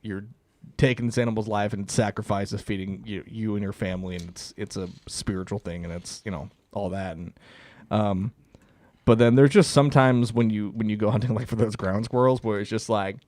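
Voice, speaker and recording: A man's voice: lowish voice, a little fast, darkish tone, no room sound. Young man, casual storyteller, swears a lot, dry close sound. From Canada. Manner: profane, rambling, laughs through stories. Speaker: podcast co-host.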